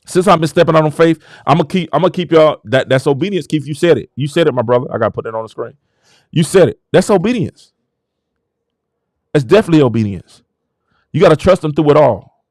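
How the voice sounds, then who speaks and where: A man hosting his own show, delivering a fervent, preaching-style motivational talk that swings from low murmurs to shouted exclamations. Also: expressive, fairly quick, no room sound. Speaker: show host.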